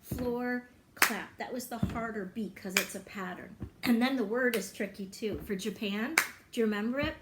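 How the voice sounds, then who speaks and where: A woman music teacher talking brightly and encouragingly to young children, now and then singing a short greeting song. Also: on the high side, a little fast, heavy background noise.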